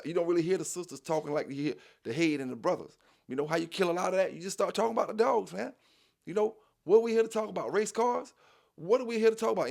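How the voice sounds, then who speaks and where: A man's voice: high-pitched, gravelly. A man hosting a dog news channel, talking casually to viewers in a repetitive, preachy street style full of "you know what I'm saying.".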